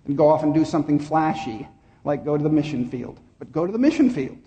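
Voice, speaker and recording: A man's voice: on the high side, very animated, fast, mellow, in a large hall, dull audio. A male pastor preaching a sermon and then leading a prayer. He speaks earnestly and repeats key phrases for emphasis.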